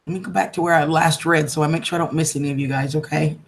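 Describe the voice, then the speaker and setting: Gravelly woman chatting on a live stream. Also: low voice, fairly even intonation, very fast, slight background noise. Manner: affectionate, calls viewers darling and sweetheart; chatty, emotional and heartfelt. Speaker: livestreamer. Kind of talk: casual live-stream chat.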